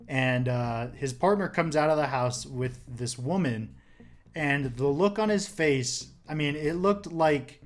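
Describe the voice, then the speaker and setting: A young man telling a story in a loose, rambling way. He leans on filler words and curses freely, and his voice sits a little high. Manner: rambling, filler-heavy, swears. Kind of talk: casual storytelling.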